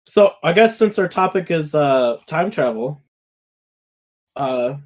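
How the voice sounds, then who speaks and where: This young podcast co-host has a voice on the high side, expressive and unhurried. His casual, foul-mouthed stories wander and drift off into rants.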